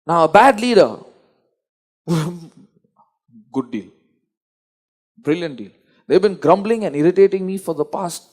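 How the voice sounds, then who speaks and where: A man's voice: high voice, lively intonation, slow, long pauses. A man preaching a sermon, emphatic and repetitive, often restarting his sentences.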